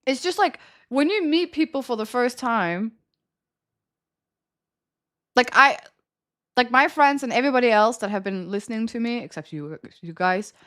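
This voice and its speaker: With a slightly high, somewhat bright voice and lively intonation, a young streamer giggles through rambling stories for her viewers, pausing often at a normal speed. A retainer gives her a slight lisp, and fillers crop up constantly.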